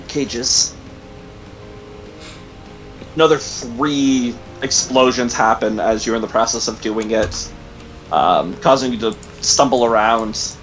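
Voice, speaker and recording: Male game master, mid pitch, hesitant narration, faint music under it. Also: poor audio. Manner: halting, many ums and likes.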